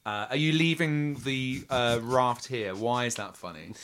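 Bright-voiced male game master. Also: mid-range voice, smooth. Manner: descriptive, halting with fillers and restarts. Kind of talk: narrating a tabletop game.

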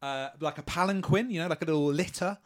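A man running a tabletop game, telling the scene in a playful, hushed way. His voice sits a little on the high side. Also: quick pace. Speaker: game master.

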